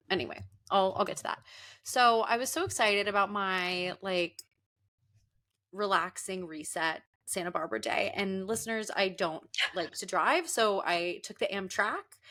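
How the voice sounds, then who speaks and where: Chatty woman telling a story. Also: mid-range voice. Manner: animated, laughing, often acts out quoted people. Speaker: podcast host. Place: Los Angeles.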